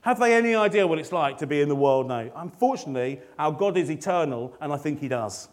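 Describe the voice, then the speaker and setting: A middle-aged man with a rather high-pitched voice delivers a Sunday sermon. He talks to the congregation in a casual, joking way and builds to excited proclamation. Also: fast. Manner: conversational, jokey and rising to excited. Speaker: lay preacher.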